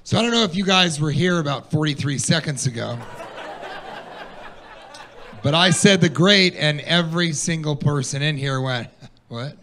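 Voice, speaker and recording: A man performing a stand-up comedy set on a stage, animated and playful, riffing with the audience. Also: a little high, normal speed, long pauses, a little hiss or hum.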